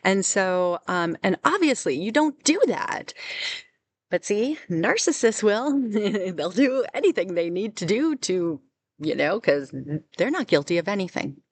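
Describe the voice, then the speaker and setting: A woman recounting a personal experience as an unscripted testimony, halting and full of restarts. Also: medium pitch, very animated. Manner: halting, with many restarts and fillers. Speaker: survivor telling her story. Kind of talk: personal testimony, casual storytelling.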